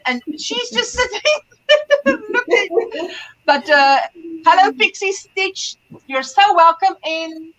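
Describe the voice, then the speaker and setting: Bright high-voiced woman hosting a chat. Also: slow, rough recording. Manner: chatty, greets viewers by name, laughs often. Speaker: livestream host. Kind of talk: casual livestream chat.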